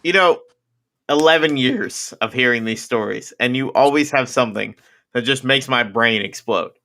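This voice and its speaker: A man hosting a podcast interview, asking quick follow-up questions and laughing along with his guest. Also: medium pitch, sharp tone. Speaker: podcast host. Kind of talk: casual interview chat.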